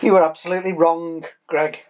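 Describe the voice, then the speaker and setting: A man's voice: a little high, level tone, brisk, a little mellow, slight background noise. Teasing man running a quiz. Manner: teasing, playful. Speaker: co-host, quizmaster. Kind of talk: casual chat, running a quiz.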